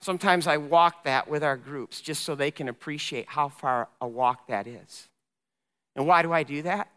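A man's voice: a little high, normal speed. Pastor man preaching in a reverberant hall. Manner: animated storytelling, voicing characters in dramatic retelling. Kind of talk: sermon. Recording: long reverb in a large hall.

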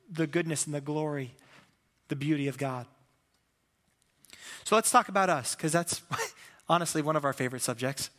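A man's voice: on the high side, long reverb tail. A man preaching a sermon as pastor, telling stories with acted-out quotes and a self-deprecating humor. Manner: animated storytelling with acted-out quotes.

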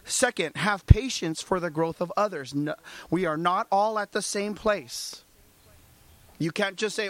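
A man preaches a sermon in an animated way. His voice sits a little high, and he keeps firing rhetorical questions at the congregation. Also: measured pace, no room sound. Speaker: pastor.

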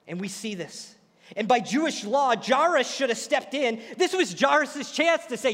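High-voiced male preacher in a reverberant hall. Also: moderate pace. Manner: animated storytelling preaching, acting out quotes. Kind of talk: sermon.

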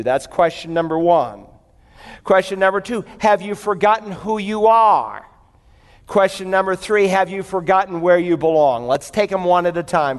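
A man's voice: high-pitched, long reverb tail. A man preaching a sermon, telling a story and then working through verses in an emphatic, conversational way. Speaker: pastor.

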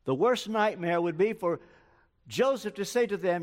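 Older male preacher, high-pitched, storytelling sermon, long hall reverb. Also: animated, normal speed. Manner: storytelling, acts out quoted dialogue.

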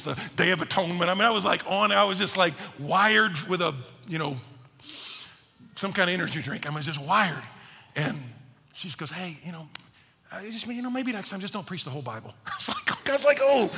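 A man pastor preaching a sermon in a lively, conversational way with playful asides, speaking in a church. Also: a little high, vocal fry, husky, long reverb tail.

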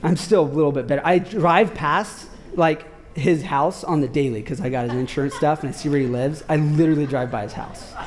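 A man preaching a casual sermon, telling a story in an animated, slangy way with lots of filler words. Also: on the high side, brisk, hardly any pauses, a little hiss or hum. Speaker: pastor.

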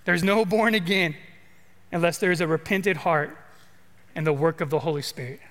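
A man's voice: fairly high pitch, moderate pace, a bit bright, long reverb tail. A man from California preaching a sermon in a casual, conversational way, repeating words and asking the congregation questions. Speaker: pastor.

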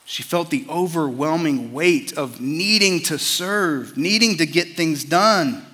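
A man's voice: on the high side, animated, slow, few pauses, bright, forceful tone. Earnest preaching man, reverberant hall. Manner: earnest, conversational, repeats words when starting phrases. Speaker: pastor. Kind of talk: sermon.

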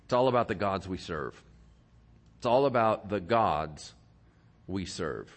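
A man's voice: sits low, expressive, a little slow. A male pastor preaching a sermon, reading scripture aloud with dramatic emphasis and tossing playful asides to the congregation.

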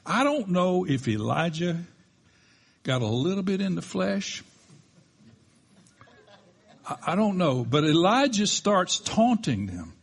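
A man preaching a sermon as a pastor, telling the story with animated delivery and acting out the quoted lines. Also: on the high side, breathy edge.

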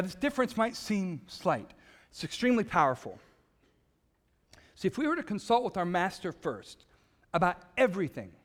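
A man preaching a sermon as a pastor, emphatic, with dramatic pauses. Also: sits high, fairly bright tone, long reverb tail.

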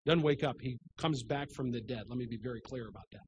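A middle-aged male pastor preaching a sermon, telling stories with self-deprecating humor and swinging between loud and hushed delivery. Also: medium pitch, fast, highs cut off, slight background noise.

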